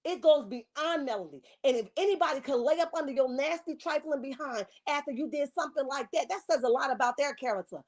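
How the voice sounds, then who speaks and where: High-voiced woman in a fiery scolding rant. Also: fairly quick, hardly any pauses. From Camden, New Jersey. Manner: scolding, fiery, rhetorical questions. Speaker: online commentary host. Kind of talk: heated rant commentary.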